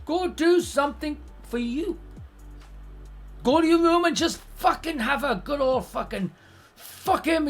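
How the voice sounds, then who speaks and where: A streamer giving relationship advice in casual live-stream chat, blunt and swearing constantly, acting out the people in the stories. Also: high voice. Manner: animated, acts out quoted voices.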